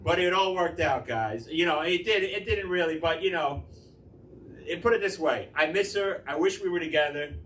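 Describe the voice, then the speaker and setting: A male stand-up comic works through a raunchy set with a loose, rambling delivery, slipping into little acted-out quotes. His voice sits a bit high for a man. The recording catches him from across an echoey club, with a noisy room under him. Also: moderate pace, fairly bright tone, far from the mic. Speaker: stand-up comedian. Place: comedy club stage. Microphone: handheld stage mic, recorded from the room.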